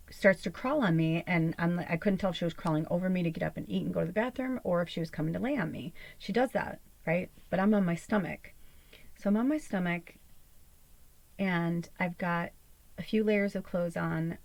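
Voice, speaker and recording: A woman's voice: fairly low pitch, darkish tone, dry recording, low-quality recording. A woman host chatting casually, telling a rambling personal story with plenty of fillers and swearing. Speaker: channel host. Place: small camper or home interior.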